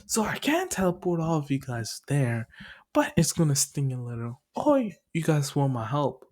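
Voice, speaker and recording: A man's voice: a little high, very animated, normal speed, darkish tone. A smug, offhand teenage boy hero, voiced by a man retelling a cartoon, breezy and unbothered, barely bothering to change his voice. He sounds amused with himself.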